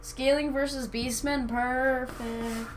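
Slow-talking woman rambling over a strategy game. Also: sits high, fairly even intonation, rough recording. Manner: rambling, hesitant, self-correcting. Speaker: gaming channel host. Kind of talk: casual let's-play commentary.

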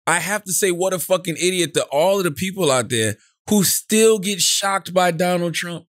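A man's voice: sits high, lively intonation, normal speed, fairly bright tone, no echo, studio quality. A male podcast co-host in casual comedic chat, blunt and profane, with sing-song emphasis and "you know what I'm saying?".

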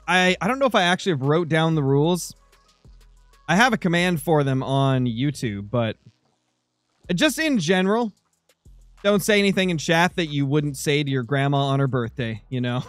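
A man's voice: fairly high pitch, no echo. A man playing along on a game stream, laid-back and joking in casual chat. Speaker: stream co-player.

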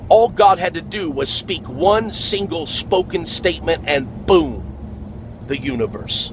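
A man's voice: on the high side, expressive, measured pace, poor audio. Preachy man over outdoor traffic noise. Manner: earnest, preachy. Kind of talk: preachy online video monologue.

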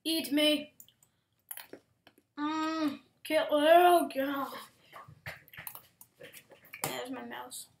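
Woman, gameplay commentator, high voice, unhurried pace, excitable outbursts, whispered asides. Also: creaky, a little hiss or hum. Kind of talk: casual gaming commentary.

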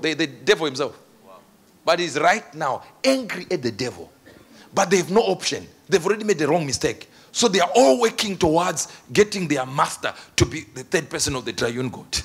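A male preacher delivering a dramatic storytelling sermon that builds up to shouted declarations. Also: high-pitched, slightly rough.

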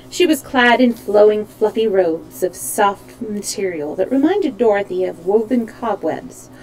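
A woman reads a children's story aloud in a calm, steady way, fixing the odd slip as she goes. Her voice is mellow and soft-edged. She sounds like she is reading at home for a live stream. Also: mid-range voice, slight background noise, rough recording. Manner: calm, even reading with small slips.

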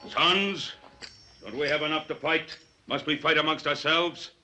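A man's voice: on the high side, steady tone, unhurried, pushed and bright, slight background noise. A stern ranch father. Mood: fatherly. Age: older. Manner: gruff, commanding. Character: stern, fond father of grown sons. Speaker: ranch patriarch. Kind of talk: 1950s TV western acting.

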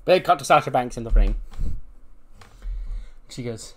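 A man's voice: mid-range voice, expressive, unhurried, long pauses. A man casually narrating a wrestling sim playthrough, with lots of fillers. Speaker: game commentator.

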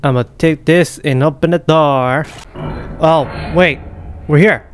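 A young man commentating a horror game as he plays, muttering, whispering and panicking with rapid repeats. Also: on the high side, a little hiss or hum. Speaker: gaming YouTuber. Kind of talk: live gameplay commentary.

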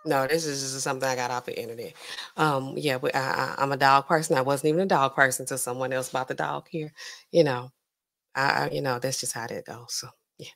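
A woman pharmacist with a gravelly bass voice talks a little fast on her casual livestream. She's chatty and animated, chatting loosely with features, reading viewer comments and talking back to them, with frequent laughter and big swings in her voice.

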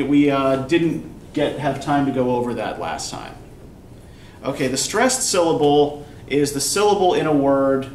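Captured from a recorder across an echoey classroom, a man with a somewhat high voice teaches college English. He explains patiently and keeps checking understanding with "right?", while a faint hum of room noise lingers.

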